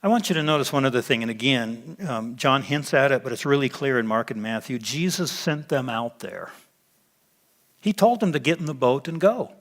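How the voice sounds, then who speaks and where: A man preaching a sermon as pastor, teaching in an emphatic way, pausing and dropping to a quiet voice for weight. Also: medium pitch, expressive. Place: church sanctuary.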